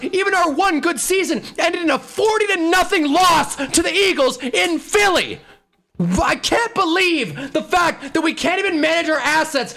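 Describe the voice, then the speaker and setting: A man hosting a live stream, ranting about his football team with profanity and rapid rhetorical questions. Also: very high-pitched, gravelly. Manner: flat, deflated muttering. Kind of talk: heated live-stream sports rant.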